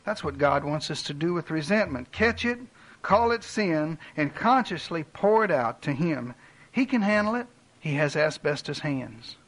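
Earnest male preacher, fairly high voice. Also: expressive, moderate pace, fairly bright tone, rough recording. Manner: earnest preaching with dramatic drops in volume; direct, personal appeals to listeners. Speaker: pastor. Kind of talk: sermon.

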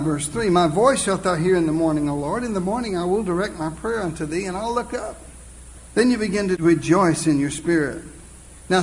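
A man preaching a sermon, earnest and exclaiming, reading scripture slowly and deliberately. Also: high-pitched, slight background noise, low-quality recording.

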